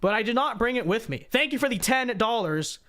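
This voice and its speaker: A man's voice: extremely high pitch, lively intonation, fairly quick, bright, forceful tone, clear, resonant tone. A man hosting a political livestream, reading viewer donations in a chatty, repetitive way and tagging lines with "okay?". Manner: chatty, repeats phrases, frequent "okay?" asides.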